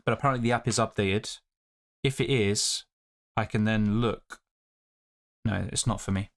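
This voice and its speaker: A man's voice: lowish voice, steady tone, moderate pace. Chatty young guy streaming live. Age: 20s. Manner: chatty, reads viewer comments aloud and answers them. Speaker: fantasy football streamer.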